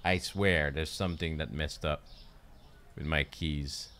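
A man's voice: rumbling low, steady tone, unhurried, a bit bright. A man streaming himself playing a game, chatting casually, mocking himself and swearing now and then.

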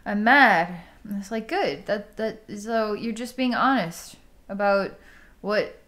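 A woman's voice: mid-range voice, takes it slowly. A woman as a psychic healer talking through an energy healing session, casual and chatty, leaning on "like" and breaking off with laughs and sighs.

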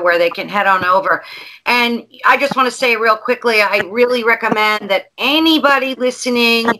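Bright enthusiastic woman host. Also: a little high, slight background noise, low-quality recording. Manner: enthusiastic, quick affirmations. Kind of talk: casual interview conversation.

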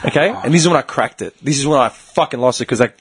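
A man's voice: medium pitch, quick pace, slightly rough. A man, hosting a podcast and telling a heated story in casual chat, swearing freely and acting out what people said. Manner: animated, profane ranting storyteller, acts out quotes. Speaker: podcast host.

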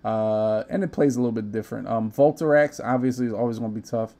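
A man's voice: medium pitch, fast talker, warm tone. A young man hosting a casual gaming podcast, talking brash, profane trash talk. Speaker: podcast host.

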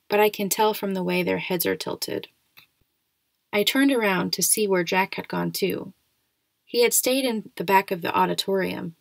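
Woman reader, audiobook narration, gravelly, dry close mic. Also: medium pitch, no echo. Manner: steady, quiet first-person narration. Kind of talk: reading a novel aloud.

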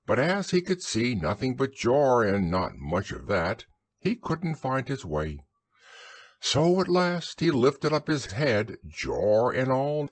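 Slow, husky-voiced storyteller man. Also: lowish voice, no room sound. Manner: soothing, expressive storytelling. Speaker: narrator. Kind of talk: bedtime audiobook narration.

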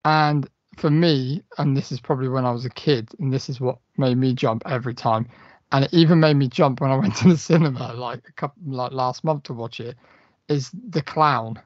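A man's voice: mid-range voice, moderate pace, no room sound. A man co-hosting a horror podcast, chatting enthusiastically and rambling, laughing often. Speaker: podcast co-host. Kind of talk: casual chat. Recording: dry, muffled podcast audio.

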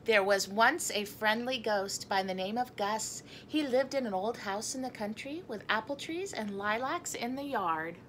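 A woman's voice: on the high side, expressive, moderate pace, few pauses, fairly bright tone, a little hiss or hum. A woman reading a picture book aloud in a chatty manner. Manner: chatty, breaks off to talk to her cat and laugh. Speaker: storybook reader.

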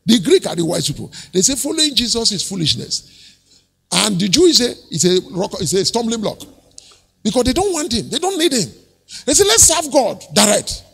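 Lively high-voiced male pastor preaching. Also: a little fast, vocal fry, breathy edge, big-room sound. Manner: animated preaching, acts out quoted voices, chuckles often. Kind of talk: sermon.

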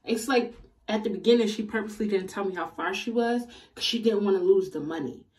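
A young woman vlogger telling a casual storytime in an animated, slangy, exasperated way. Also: mid-range voice, a little fast, far from the mic.

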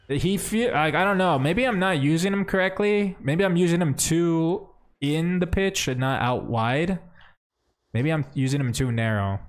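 A young man streaming a game, chatting casually and thinking out loud as he plays. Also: a little high. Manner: chatty, thinks aloud, says bro and man. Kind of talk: casual livestream commentary.

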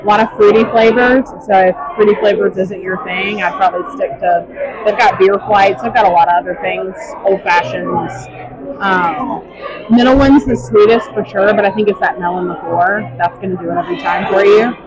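A woman's voice: mid-range voice, steady tone, moderate pace. A woman co-hosting a casual food review vlog, upbeat and enthusiastic about what she tastes. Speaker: co-host. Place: busy theme park bar. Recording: noisy crowded bar. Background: crowd chatter.

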